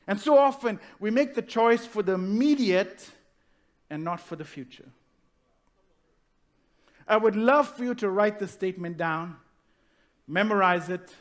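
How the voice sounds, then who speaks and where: A pastor preaching a sermon, asking rhetorical questions and slowing down to stress key phrases. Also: male voice, high-pitched.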